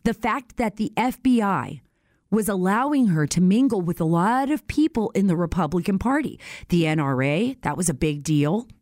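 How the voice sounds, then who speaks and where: A woman hosting a show, telling a story in a casual, animated way and acting out what others said. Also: mid-range voice, normal speed, no echo, studio quality. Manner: animated storyteller, acts out quoted voices. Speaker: host.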